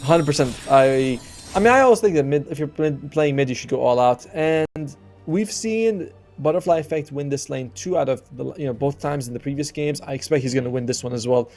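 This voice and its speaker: With a mid-range voice and faint music behind him, a man gives relaxed color commentary on an esports match, musing aloud with fillers and short bursts of excitement.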